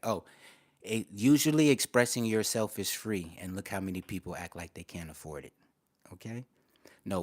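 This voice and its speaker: A man with a lowish voice chats casually with viewers on a livestream. He talks in a laid-back, slangy way and calls them "y'all". The sound is close and dry, with little room around it. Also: no room sound. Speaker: livestream host.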